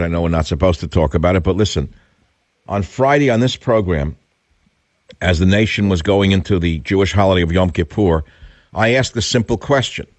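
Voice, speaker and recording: Indignant male radio host, low and dry. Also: dry recording. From United States. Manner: combative, indignant, rhetorical questions. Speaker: radio talk show host. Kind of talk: radio talk show monologue.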